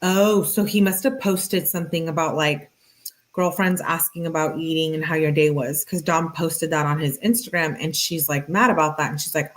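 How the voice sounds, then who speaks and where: A woman with a fairly low voice reads out a string of text messages, one line after another. She talks in a casual, conversational way and drops plenty of "like" as she comments. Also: moderate pace, rough recording. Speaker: channel host.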